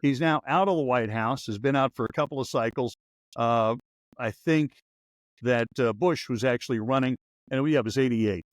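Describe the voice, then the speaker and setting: An older man with a medium-pitched voice, a podcast host who used to be a radio newsman, tells stories in casual chat. He rambles through anecdotes at a normal speed, tossing in wry asides. The recording is dry and close.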